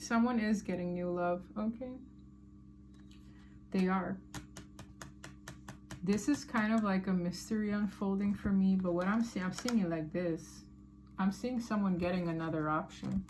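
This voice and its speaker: A woman's voice: mid-range voice, measured pace, pauses often, a little mellow, a little hiss or hum. A woman giving a casual tarot reading to her viewers, chatty and emphatic, with slangy asides. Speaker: tarot reader.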